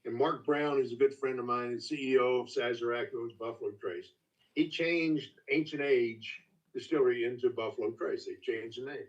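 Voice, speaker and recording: An older man telling stories as a master distiller guest in a casual, folksy, halting way. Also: mid-range voice. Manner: folksy, halting, with many restarts. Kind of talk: casual storytelling. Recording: distant, dull lo-fi call audio.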